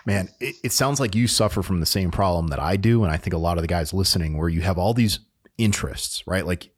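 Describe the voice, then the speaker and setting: A laid-back male podcast host chats with his guest, easygoing and conversational. His voice sits very low. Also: fast talker. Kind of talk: casual chat.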